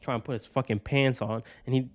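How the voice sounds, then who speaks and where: A Georgia man hosts his own podcast, delivering a casual personal monologue in a loose, rambling flow, swearing constantly and adding "right?" every few lines. His ordinary mid-pitched voice is steady and a little fast, sounding close and dry with no room sound.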